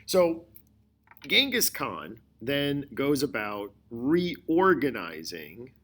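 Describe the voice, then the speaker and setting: A male history teacher giving a recorded lecture, explaining slowly and deliberately, often repeating his key points. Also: mid-range voice, very animated, fairly bright tone. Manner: slow, deliberate explaining with repetition.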